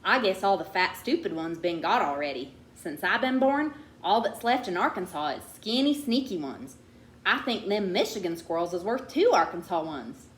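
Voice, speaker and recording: A woman's voice: on the low side, very animated, normal speed, slight background noise. A woman reading aloud and voicing an eager, talkative country boy from Arkansas with a drawl. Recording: roomy echo.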